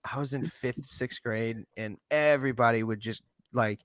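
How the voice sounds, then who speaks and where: A man's voice: medium pitch, normal speed, fairly bright tone, no echo, clean studio sound. Chatty Midwestern man, rambling. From Chicago area. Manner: rambling, full of "like" and "you know". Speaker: podcast co-host. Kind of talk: casual podcast chat.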